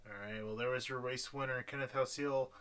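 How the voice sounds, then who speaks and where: A man's voice: medium pitch, steady tone, brisk, a bit bright. A man interviewing drivers after an online race, upbeat, with many fillers and laughs at his own slips.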